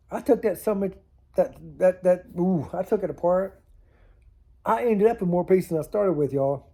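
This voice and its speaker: Unhurried and given to long pauses, this vlogger has a high voice with a dark tone. He meanders through amusing stories to camera, laughing at himself, on a camera mic mounted on a tilting setup.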